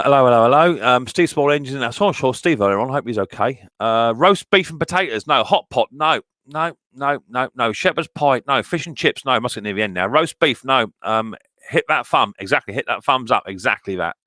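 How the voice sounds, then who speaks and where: Man, livestream host, casual chatty banter, bright voice, dry sound. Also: mid-range voice, dry recording. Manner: chatty, greets viewers by name, cheerful banter. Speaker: livestream host reading chat. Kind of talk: casual live chat.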